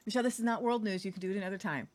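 A woman's voice: medium pitch, racing, a little mellow. A woman around forty co-hosting a news talk show, speaking in an emphatic, insistent way. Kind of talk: casual chat, ranting commentary.

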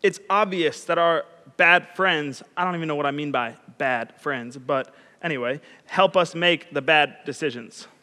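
A man's voice: on the high side, normal speed, sharp tone, long reverb tail. A young man preaching as a youth pastor, chatty and self-deprecating, telling stories. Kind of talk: sermon.

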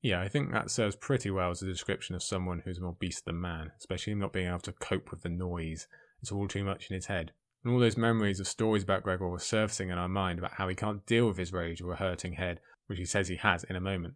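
A man giving an excited commentary on a fantasy book, speaking emphatically between the passages he reads out. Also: deep voice, fast. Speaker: book reviewer.

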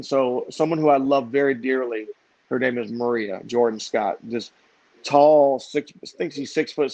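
A man being interviewed as a guest business owner, telling stories in a lively way and repeating words for emphasis. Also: mid-range voice, no room sound. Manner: animated, repeats himself for emphasis. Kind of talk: conversational storytelling. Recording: dry, slightly dull lo-fi sound.

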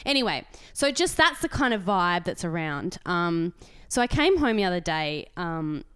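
A woman's voice: fairly low pitch, normal speed, clear, resonant tone, no room sound, studio quality. A young Australian woman co-hosting a podcast, telling a story in casual chat and acting out the people in it. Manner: animated storytelling, acts out quoted voices. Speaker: podcast co-host.

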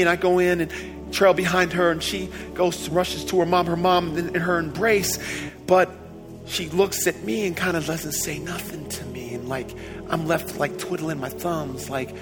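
Man, thirties, animated personal storytelling, loud bursts and hushed stretches, slightly high voice, music in the background. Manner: excitable, swings from shouting to hushed. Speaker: speaker telling a personal story. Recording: music playing behind.

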